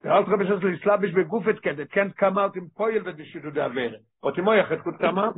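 Man, text study teacher, husky, fairly high voice, quick reading then slow explaining, tinny phone-line sound. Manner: reads Hebrew quickly, then explains slowly in English with Yiddish-inflected terms. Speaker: Torah teacher.

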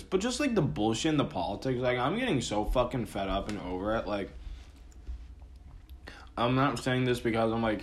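A man's voice: mid-range voice, animated, normal speed. A man talking casually in a rambling, profane monologue, full of fillers and restarts, his throat sore and dry from a cold. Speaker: podcast host.

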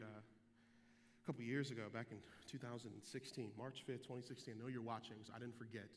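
A young adult man, a pastor, preaching a sermon in a church sanctuary, moving between quiet teaching and shouted calls to the congregation. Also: medium pitch, fairly even intonation, brisk, big-room sound.

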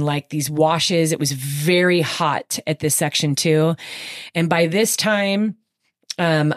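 A woman with a low, grounded voice tells her race story in an easy conversational way. She speeds up in animated bursts and leans on fillers as she talks. The recording is dry and close. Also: no room sound. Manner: animated, emotional, quick bursts with frequent fillers. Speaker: podcast guest recounting her race.

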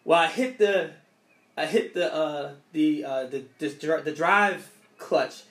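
A man's voice: a little high, slow, a bit bright, reverberant. A young man casually telling a story from his childhood, rambling and restarting his sentences often.

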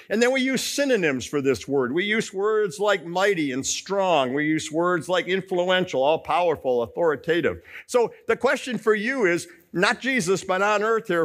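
Guy pastor preaching, voice a bit high and really swoops around, lots of questions at the crowd. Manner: animated preaching with rhetorical questions. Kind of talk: sermon.

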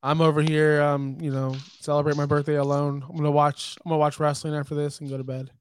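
A man's voice: on the high side, flat delivery, fast talker, clear, resonant tone. A man in casual chat, joking and swearing, talking animatedly.

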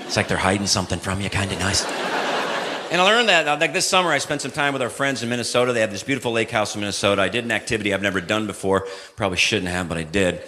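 A middle-aged man doing a stand-up comedy routine, telling a story excitedly and putting on voices for his friends. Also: on the low side. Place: live comedy venue with audience. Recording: live audience laughter and crowd noise.

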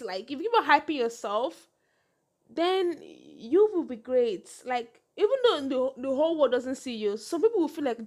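A young woman hosts a casual podcast and gives advice. Her voice sits a little high, and she talks fast, with animated swings and frequent laughs. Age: young adult. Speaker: podcast host.

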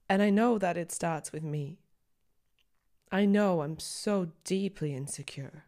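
Low-voiced woman, candid and raw. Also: a little slow, warm tone. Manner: raw, candid, swears, on the edge of tears. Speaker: podcast host. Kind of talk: personal reflective monologue.

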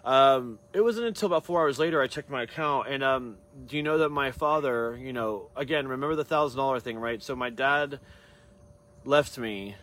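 A man's voice: mid-range voice, normal speed, a bit bright. A hairstylist man talking casually to his camera, rambling through a long story with many tangents and restarts.

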